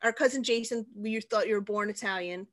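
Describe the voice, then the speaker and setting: A woman's voice: mid-range voice, fairly quick, fairly bright tone. A middle-aged woman co-hosting a podcast, chatting playfully with her brother, laughing often and trying silly voices. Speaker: podcast co-host. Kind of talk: casual chat between siblings.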